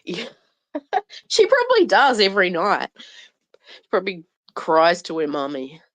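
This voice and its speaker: Lively chatty woman, dry close sound. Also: lowish voice, unhurried, no echo. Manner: laughing, animated, mocking. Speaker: livestream host. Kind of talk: casual gossip chat on a livestream.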